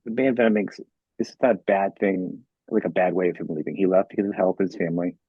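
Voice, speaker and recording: Man host, rapid-fire and husky, dry lo-fi sound. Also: low voice, steady tone, no room sound. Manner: rapid, repetitive restarts. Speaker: podcast host. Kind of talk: casual conversational interview.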